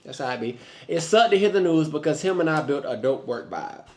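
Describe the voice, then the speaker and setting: A man's voice: on the high side, brisk, echoey room. A man co-hosting a talk show, reading listener love stories aloud and teasing along the way. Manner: animated, teasing, breaks into laughter. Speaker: co-host.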